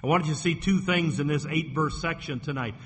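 A man's voice: a little high, a little fast, fairly bright tone. A man preaching a sermon as pastor, earnest and given to repeating his words. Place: church sanctuary. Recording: echoey hall, faint background noise.

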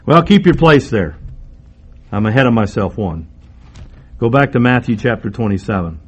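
A man preaching a sermon, emphatic, moving between raised and hushed delivery. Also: medium pitch, lively intonation, moderate pace, slightly rough.

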